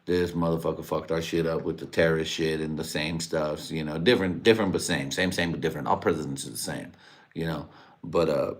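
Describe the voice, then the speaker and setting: A man's voice: rumbling low, steady tone, fairly quick. A man hosting his own livestream, rambling crudely and laughing at his own jokes. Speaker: livestream host. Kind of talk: casual profane livestream rant.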